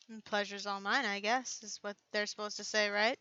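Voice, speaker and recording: A woman's voice: mid-range voice, level tone, normal speed, pushed and bright, clean tone, no echo, lo-fi sound. A woman playing a pirate captain character in a casual tabletop role-play. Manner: casual, laughs often. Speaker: player.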